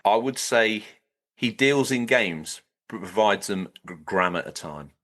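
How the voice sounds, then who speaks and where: A man's voice: fairly low pitch, expressive, a little slow, fairly bright tone. A man from Lincolnshire, co-hosting a gaming podcast with playful, mock-grand banter and ad reads. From Lincolnshire, England. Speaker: podcast co-host.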